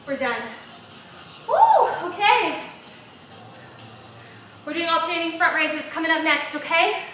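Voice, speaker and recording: A young female fitness instructor leads a live workout on a large, empty home gym floor, cheering upbeat through the reps while out of breath. Her voice is extremely high and sharp, at a moderate pace, with soft music behind her. The room echoes and the mic sits far off.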